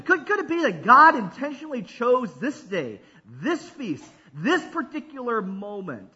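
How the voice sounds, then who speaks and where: A man preaching a sermon as pastor, calling for responses from the congregation and swinging between loud and hushed delivery. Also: sits high, husky, muffled recording.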